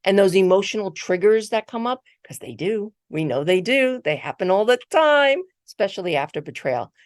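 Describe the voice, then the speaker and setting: A middle-aged woman giving a motivational keynote, telling a personal story in a conversational, animated way and often repeating words. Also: medium pitch, normal speed, dry recording, clean studio sound. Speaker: keynote speaker. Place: virtual conference talk.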